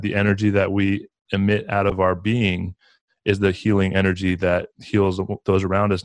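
A man's voice: fairly low pitch, darkish tone, no echo. A man talking earnestly and reflectively in a casual spiritual conversation, as a podcast guest, with many "like" fillers.

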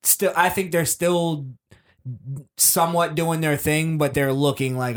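A man's voice: a little high, measured pace. A man co-hosting a podcast, giving blunt, opinionated commentary in casual chat. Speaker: podcast co-host.

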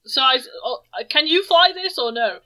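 A woman's voice: high-pitched, animated, moderate pace, pushed and bright, poor audio. A woman playing a tabletop game, giggly and hesitant, chatting casually. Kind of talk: casual play talk.

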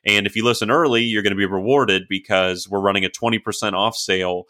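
A man's voice: lowish voice, fairly even intonation, fast talker, bright, forceful tone. A man co-hosting a casual sports podcast, rambling with lots of fillers before an upbeat sign-off. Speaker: podcast co-host.

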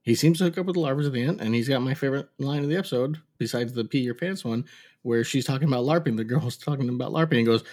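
A man's voice: mid-range voice, fast, a little mellow. A man co-hosting a podcast, chatting casually and enthusiastically about a show, laughing often. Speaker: podcast co-host. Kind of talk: casual recap chat.

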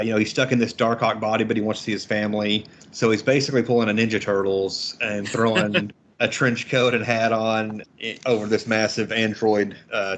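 A man's voice: on the low side, slight background noise. A man in a casual podcast chat, talking loosely and laughing often as he speaks. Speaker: podcast panelist.

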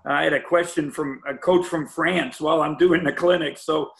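A man's voice: a little high, steady tone, moderate pace, creaky, fairly bright tone. An older man, a college basketball head coach, talking in a rambling podcast interview with lots of restarts and fillers. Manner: rambling, many restarts and "you know" fillers. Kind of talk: podcast interview over a call.

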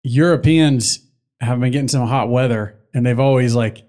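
A man's voice: medium pitch, normal speed, a little mellow. A young man co-hosting a podcast, chatting casually, rambling and swearing now and then. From United States. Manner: rambling, loses his train of thought, swears casually. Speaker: podcast co-host. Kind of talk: casual chat.

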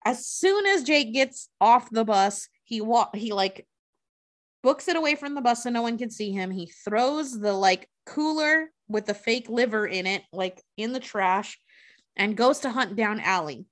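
A woman's voice: a little high, lively intonation, a little slow. A woman hosting a podcast, casually and profanely retelling a movie plot, slipping into the characters' voices. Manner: profane, chatty, acts out characters' lines. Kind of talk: casual movie recap storytelling.

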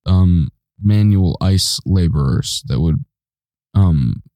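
Terse, deep-voiced male co-host. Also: lively intonation, takes it slowly, warm tone, no room sound. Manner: terse, hesitant replies. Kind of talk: casual studio banter.

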